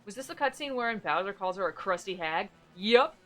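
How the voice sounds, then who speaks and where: A woman streamer giving excitable, giggly commentary while playing a game, swearing now and then. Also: mid-range voice, brisk, faint music behind. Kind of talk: casual gameplay commentary.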